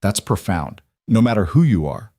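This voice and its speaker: A gentle, reassuring woman doctor, as a low-voiced man reads her part. She talks in a kind, steady way, and the recording is close and dry with no room sound. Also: normal speed, dry recording. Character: calm, warm female doctor.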